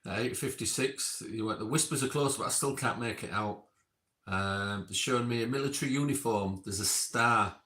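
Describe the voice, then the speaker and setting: A man's voice: mid-range voice, normal speed, pushed and bright. A man casually reading back timestamped notes from an experiment session, adding chatty asides. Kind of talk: casual recap reading out logged remarks. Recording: roomy echo.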